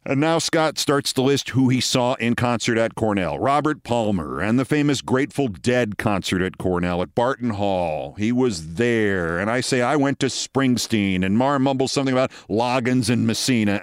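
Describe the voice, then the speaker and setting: A man in his sixties hosting a show, telling a story in a measured, dramatic way with wry asides. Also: mid-range voice, sing-song, no room sound, clean studio sound. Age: 60s. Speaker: host. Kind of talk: storytelling monologue.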